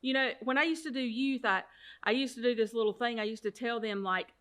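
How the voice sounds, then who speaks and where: Woman, high voice, Bible study teacher, earnest, heartfelt, repetitive, restarts words. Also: a bit bright. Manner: earnest, heartfelt, repeats phrases for emphasis; sometimes halting, restarts words. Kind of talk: online Bible study talk.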